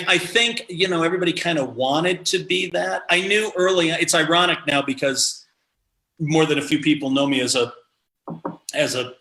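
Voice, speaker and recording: Middle-aged Midwestern comic, animated raconteur, bright forward tone. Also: male voice, fairly high pitch, roomy sound, rough recording. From American Midwest. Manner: animated, acts out quoted voices. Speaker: podcast guest, comedian. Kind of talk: casual storytelling chat.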